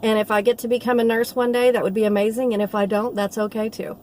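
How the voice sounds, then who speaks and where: A woman's voice: fairly high pitch, little pitch movement, quick pace, darkish tone, a little hiss or hum. A middle-aged woman, a nursing assistant telling a rambling, heartfelt story in a casual vlog. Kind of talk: casual talking-to-camera vlog.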